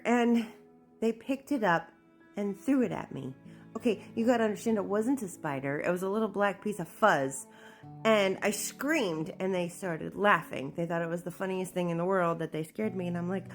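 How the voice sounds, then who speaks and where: A woman telling a personal story in a candid, animated way, acting out what people said. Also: lowish voice, moderate pace, faint music behind. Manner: candid, animated, acts out quoted speech. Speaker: memoir narrator.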